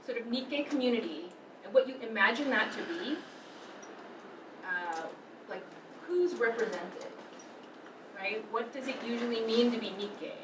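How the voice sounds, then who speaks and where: Woman facilitator, fairly high voice, thoughtful and guiding, recorded far off in a roomy space. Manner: thoughtful, guiding, many fillers. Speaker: workshop presenter. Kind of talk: workshop facilitation. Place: conference room. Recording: roomy, from far off with background noise.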